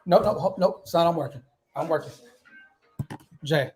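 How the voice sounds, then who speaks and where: A man hosting a casual livestream podcast outdoors at home, talking in hyped slang and giving shout-outs to viewers. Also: a little high, normal speed, a little hiss or hum. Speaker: podcast host.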